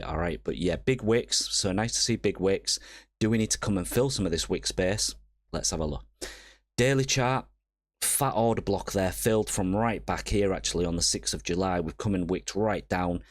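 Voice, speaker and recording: Deep-voiced man talking through charts. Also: no echo. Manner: chatty, checks in with viewers with "okay?" and "all right?". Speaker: crypto trader and channel host. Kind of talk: casual market chart analysis.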